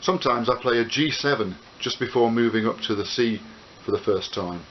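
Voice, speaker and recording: A man of medium pitch, talking a little fast, runs a ukulele tutorial, counting out beats and naming chords as he plays. He's relaxed and explanatory, with frequent "uh" fillers. Camcorder audio makes it dull and hissy, the ukulele playing loud.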